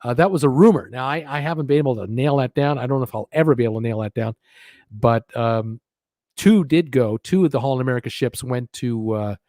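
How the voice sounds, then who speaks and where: A man's voice: mid-range voice, no echo, studio quality. A man hosting a live cruise news show, rambling with many fillers and restarts and dropping sardonic asides. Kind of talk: live-stream news commentary.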